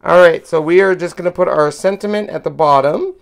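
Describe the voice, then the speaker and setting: This craft host's voice is a little high and smooth, with vocal fry and a fairly quick pace. Demonstrating card making live, he walks through the steps and thinks out loud as he lays out the card.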